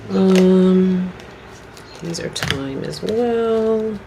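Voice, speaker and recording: A low-pitched woman talks slowly through a tarot reading, rambling and checking in with her viewers. The recording carries clear background noise. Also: lively intonation. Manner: chatty, rambling, says okay often. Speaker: tarot reader. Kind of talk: casual tarot reading to camera. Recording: noisy home video recording.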